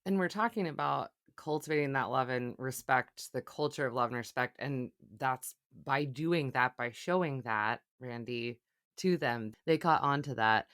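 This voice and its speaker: A man's voice: medium pitch, moderate pace, fairly bright tone, no echo, studio quality. A man speaking earnestly and affirmingly in a roundtable discussion. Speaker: discussion participant.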